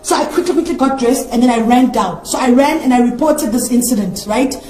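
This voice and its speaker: A woman from tells her own story in an interview in a high, light voice. She tells it with animation and acts out the voices of the people she quotes. The room adds a clear echo around her. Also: fairly quick, heavy background noise. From South Africa. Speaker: interview guest. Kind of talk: personal testimony in an interview.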